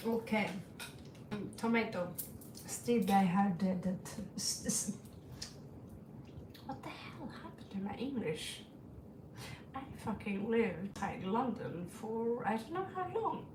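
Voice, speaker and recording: A woman's voice: mid-range voice, sing-song, slow, pauses often, noisy background. A woman with a Norwegian accent, reading tarot on a casual livestream, rambling, chuckling and swearing freely. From Norway. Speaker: tarot reader. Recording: echoey room, distant from mic.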